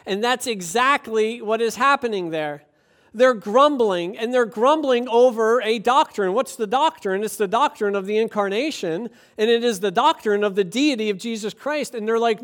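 A man's voice: high voice, moderate pace. A man preaching a sermon as pastor, emphatic and conversational, often asking rhetorical questions.

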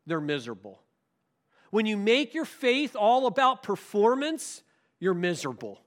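A man's voice: high-pitched, very animated, unhurried. A male pastor preaching a sermon, emphatic and full of rhetorical questions.

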